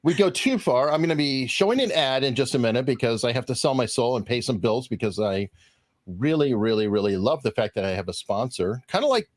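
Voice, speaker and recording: A man hosting a live stream, teasing his guests and quick to laugh. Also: mid-range voice, lively intonation, dry recording, clean studio sound. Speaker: host. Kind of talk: casual live-stream chat.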